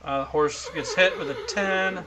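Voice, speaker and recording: A man's voice: a little high, a little slow, noisy background. A man game master on a home streaming mic, narrating a tabletop game in a casual, chatty way and laughing often.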